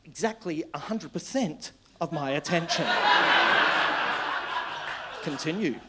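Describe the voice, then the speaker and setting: A man performing a stand-up comedy set on a club stage, telling stories in an animated, sweary way that breaks into shouting laughter. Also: a little high, slow, heavy background noise.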